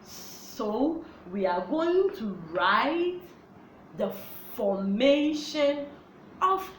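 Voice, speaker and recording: A woman teaching young children a phonics lesson, in a slow, sing-song, animated way. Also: high-pitched. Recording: echoey room with faint background noise.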